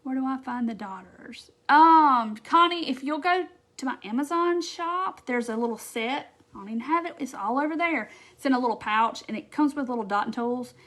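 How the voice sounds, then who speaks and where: A chatty woman, talking to her viewers on a casual craft live stream. Her voice sits a little high, and she keeps things bubbly and loose, full of "um"s and quick asides. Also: fairly bright tone. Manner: chatty and bubbly, with frequent fillers and quoted asides.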